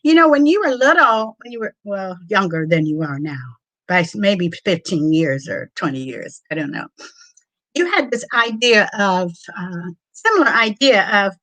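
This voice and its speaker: An older woman speaking as a guest on a video call, gentle and reflective. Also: medium pitch, expressive, moderate pace, dry recording, poor audio. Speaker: guest, host's mother. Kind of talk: casual video call chat.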